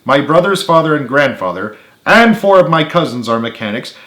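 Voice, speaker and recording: A man's voice: fairly high pitch, animated, fairly quick, echoey room, pitched above the performer's own voice, lightly acted. A man voicing a proud young mechanic who speaks loftily. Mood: lofty. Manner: lofty, self-assured.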